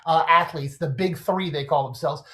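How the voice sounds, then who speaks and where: Animated male sports writer explaining. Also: a little high, normal speed. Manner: animated, explains with everyday comparisons. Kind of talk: casual podcast discussion.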